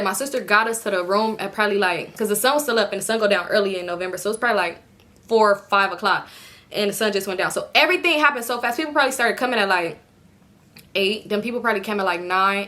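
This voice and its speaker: A young woman from California telling a personal story in a casual vlog, animatedly acting out what everyone said, with lots of swearing. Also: medium pitch. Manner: animated retelling, voices others with expletive-laden quoted outbursts. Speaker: storytime vlogger.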